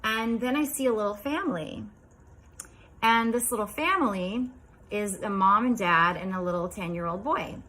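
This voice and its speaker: A woman in her fifties casually recounting a strange dream, chatty and rambling, dropping into quiet asides. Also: mid-range voice, lively intonation, normal speed, rough recording. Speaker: vlogger.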